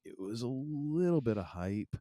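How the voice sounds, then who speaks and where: A middle-aged man co-hosting a podcast, telling a story in casual chat and acting out family quotes with animated energy. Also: mid-range voice, moderate pace, no room sound, studio quality. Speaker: podcast co-host.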